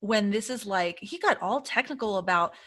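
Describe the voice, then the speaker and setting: With a mid-range voice at an ordinary pace, a woman reviews a film as a podcast co-host. The conversation is casual and spirited, with her dramatizing reactions as she retells it.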